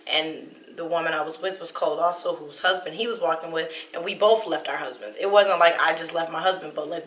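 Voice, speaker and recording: A woman co-hosting a couple's vlog tells her side of a story in a casual, lively way. Her voice sits a little low, with a bright tone. The recording sounds roomy, and she is a bit away from the mic. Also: distant mic, a little hiss or hum. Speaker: vlog co-host.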